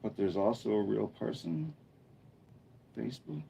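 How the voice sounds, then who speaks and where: A man hosting a casual live stream from an indoor room lit by a bright studio light, chatting and thinking aloud as he reads viewer comments. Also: lowish voice, lively intonation, unhurried, vocal fry, slight background noise. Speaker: livestreamer.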